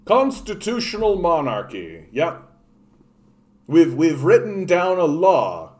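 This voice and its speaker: A man's voice: on the high side, huge pitch swings, slow pace, a little mellow. Profane impassioned man. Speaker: political livestreamer. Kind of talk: unscripted political rant.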